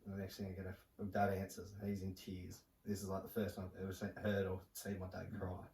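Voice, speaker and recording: A young man, a podcast guest telling a personal story in a halting, soft-spoken way with many fillers. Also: low-pitched, monotone. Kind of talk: casual podcast conversation. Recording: roomy, distant mic with faint noise.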